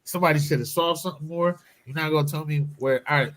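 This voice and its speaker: A man's voice: fairly high pitch, fast talker, a bit bright, poor audio. A man co-hosting a podcast in casual chat, rambling and correcting himself as he talks. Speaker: podcast co-host.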